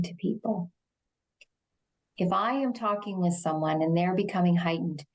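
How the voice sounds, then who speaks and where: Woman, middle-aged, quiet, calming, measured pace, lowish voice. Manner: slow, measured, gentle delivery. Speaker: shelter executive director, interview guest. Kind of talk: explaining de-escalation in a TV interview.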